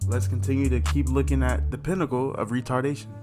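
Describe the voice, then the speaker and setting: A man's voice: medium pitch, little pitch movement, quick pace, over loud music. A man hosting a reaction video, talking in a blunt, mocking, slangy way. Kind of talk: casual reaction commentary.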